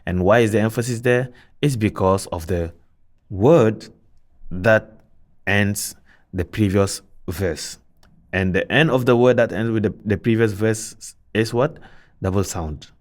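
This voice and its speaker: A man's voice: lowish voice, unhurried. A man teaching Quran recitation rules, patiently repeating points, asking and answering his own questions, and chanting verses as examples.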